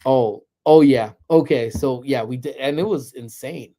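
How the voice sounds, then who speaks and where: A middle-aged man hosting a casual lunchtime livestream, chatting loosely and slipping into playful, animated slang riffs. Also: mid-range voice, measured pace. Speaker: livestream host. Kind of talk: casual live chat.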